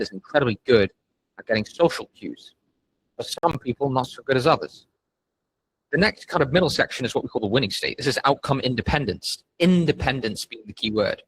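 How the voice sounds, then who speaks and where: A man's voice: mid-range voice, slightly rough, poor audio. A young man coaching on sales in a casual, blunt, profane way, with a lot of emphasis. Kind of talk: casual instructional talk.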